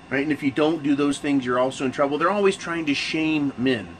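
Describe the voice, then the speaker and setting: A man's voice: a little high, fairly quick, hardly any pauses, slight background noise, low-quality recording. A man hosting his own channel, talking casually to camera in a rambling, profane rant full of restarts. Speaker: channel host.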